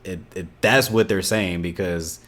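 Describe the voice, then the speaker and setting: A man's voice: sits low, steady tone, measured pace, a bit bright. A man in his twenties with an Indiana accent, reacting casually to videos, laid-back and laughing often between exasperated remarks. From Indiana, USA. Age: 20s.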